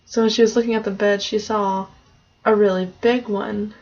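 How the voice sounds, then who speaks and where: A woman's voice: mid-range voice, flat delivery, normal speed, darkish tone. A woman casually retelling a fairy tale in a loose, conversational way, on a dull lo-fi recording. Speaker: storyteller.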